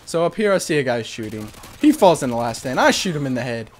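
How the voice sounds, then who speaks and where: A man's voice: mid-range voice, big pitch swings, fast talker, a little hiss or hum. Profane, joking young gamer man. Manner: candid, profane, joking, self-mocking. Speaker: gaming commentator. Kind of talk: casual voice-over commentary on gameplay.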